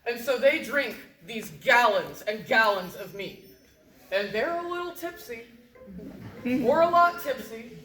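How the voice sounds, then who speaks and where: A woman telling a story live to an audience, in a lively, joking, casual way. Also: fairly high pitch, unhurried, slight background noise. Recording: roomy echo.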